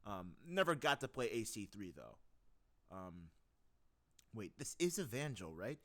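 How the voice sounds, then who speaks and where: A man's voice: lowish voice, very animated, takes it slowly, long pauses, fairly bright tone. A man casually talking through his voice acting practice, rambling and self-deprecating as he laughs at himself. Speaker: voice acting hobbyist.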